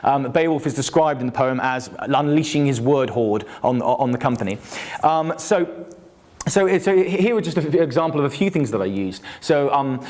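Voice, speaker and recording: A male lecturer gives an academic talk at a mid pitch. He speaks haltingly, stumbling through restarts and fillers before settling into full explanations. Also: expressive, darkish tone. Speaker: university lecturer.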